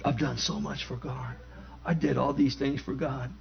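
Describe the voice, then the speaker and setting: A boastful, self-pitying male believer muttering on about all he did, as a preacher puts him on. He sounds hushed and rambling, and the recording is muffled and lo-fi. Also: mid-range voice, little pitch movement, normal speed, gravelly. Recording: dull lo-fi recording.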